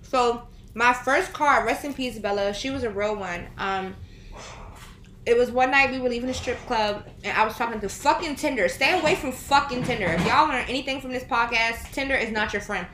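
A woman's voice: a little high, moderate pace, a bit bright, slight background noise. A young woman co-hosting a podcast, chatting casually and telling rambling stories while she eats. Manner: rambling storyteller, talks while eating. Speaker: podcast co-host. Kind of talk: casual chat. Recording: echoey room.

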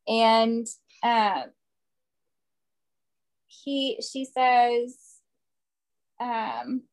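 A woman's voice: a little high, very slow, long pauses. A woman co-hosting a casual book discussion, talking emotionally and laughing often. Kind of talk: casual chat.

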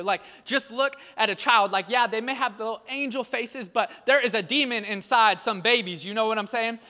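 Bright-voiced pastor preaching in a hall. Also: male voice, sits high. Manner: conversational, animated storytelling with rising intensity. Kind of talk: sermon. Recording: long hall reverb.

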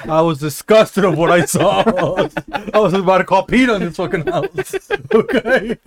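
A man's voice: sits high, expressive, moderate pace, a crowd in the background. A man co-hosting a podcast in casual banter, telling rambling, profane stories with lots of laughing. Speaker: podcast co-host.

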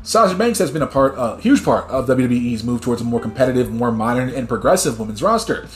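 Male podcast host from New Jersey, lively and loud, swears freely, echoey room with faint music behind. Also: medium pitch, quick pace. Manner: animated, swears freely, gets loud when worked up; reads news articles aloud with stumbles. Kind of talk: casual news commentary podcast.

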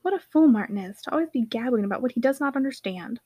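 A woman's voice: fairly high pitch, lively intonation, fast, mellow, husky, no room sound. A woman voicing an insolent elder son who speaks with open scorn. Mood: scornful.

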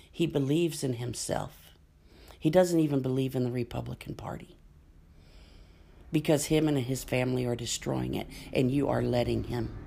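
A woman with a low voice rants to camera in fury, swearing freely and spitting scorn. She speaks in slow, heavy phrases that land like verdicts, and each accusation comes out sharp and cutting. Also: creaky. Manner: furious, profane, cutting. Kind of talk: angry political rant to camera.

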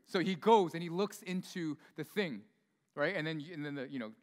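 A man preaching a sermon in a church, in a chatty, informal way full of asides and quick questions to the congregation. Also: on the high side. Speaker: pastor. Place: church sanctuary. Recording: long hall reverb in a church.

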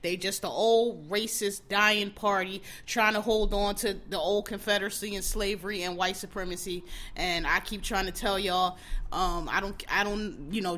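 Bright-voiced woman podcast host. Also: mid-range voice. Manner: animated, blunt, talks straight to listeners. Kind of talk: casual solo commentary.

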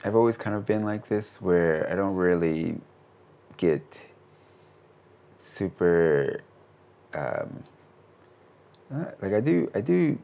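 A man in his thirties talks through interview answers in a casual, meandering way, stopping and restarting his sentences. His voice sits very low, with a gravelly fry running through it. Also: slow, pauses often. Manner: relaxed, rambling, many fillers and restarts. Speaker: animation studio CEO, interview guest.

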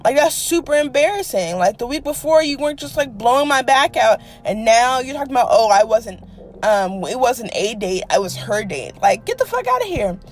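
A woman's voice: a little high, normal speed, faint music behind. A young woman hosting a podcast, telling a dating story in a casual, profane, dramatic way. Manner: animated, profane, dramatic with quoted asides. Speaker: podcast host.

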